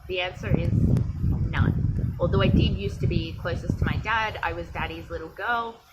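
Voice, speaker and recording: Woman, Australian accent, young adult, candid reflective vlog talk, lowish voice, noisy outdoor pool setting. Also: fairly even intonation, fairly quick, dull audio. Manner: candid, reflective, with frequent restarts and fillers. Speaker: vlogger. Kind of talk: casual personal talk to camera.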